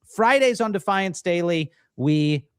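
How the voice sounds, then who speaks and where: A man hosting a political commentary livestream, talking in an animated, mocking, rallying way. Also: high-pitched, takes it slowly, clean tone, dry recording, studio quality. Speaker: livestream host.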